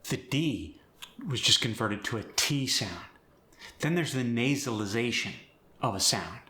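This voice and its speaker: A man's voice: medium pitch, lively intonation, normal speed, bright, forceful tone, roomy sound. A man coaching accents, explaining and demonstrating sounds by contrasting word pairs. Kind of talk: accent tutorial.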